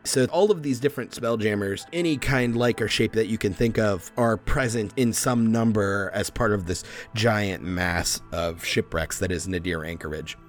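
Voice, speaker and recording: A man running a tabletop game, narrating scenes in a descriptive, lively way. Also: on the low side, normal speed, hardly any pauses, faint music behind. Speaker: game master.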